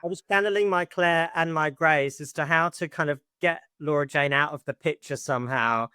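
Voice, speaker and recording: A man's voice: fairly high pitch, normal speed, pushed and bright, clean tone, dry recording, clean studio sound. A man co-hosting a chatty interview over a video call, playful and jokey. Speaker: interview co-host.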